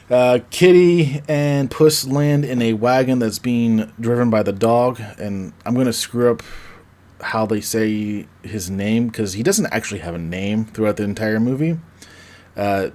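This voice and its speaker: A man's voice: medium pitch, darkish tone. A man hosting a podcast, casually recapping a movie in a rambling way, with fillers and self-corrections. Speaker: podcast host.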